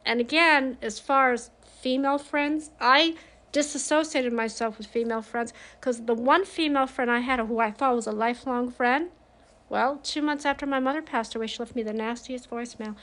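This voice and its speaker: A woman's voice: on the high side, normal speed, a bit bright. A grieving woman speaking frankly and confidingly in a personal monologue, with emphatic bursts.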